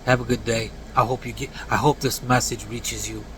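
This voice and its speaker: A man in his late forties delivering a blunt, earnest rant to camera, dropping to low mumbled tags at the ends of lines. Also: flat delivery, fairly quick, fairly bright tone, slight background noise, low-quality recording. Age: 40s. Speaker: vlogger. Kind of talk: casual preachy rant to camera.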